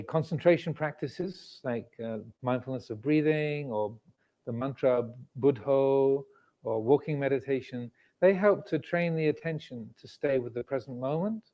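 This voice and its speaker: A man, a Buddhist monk giving a measured, reflective dharma talk with frequent pauses. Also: mid-range voice, mellow. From England. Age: 60s. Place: indoor meditation hall with cameras and air conditioning.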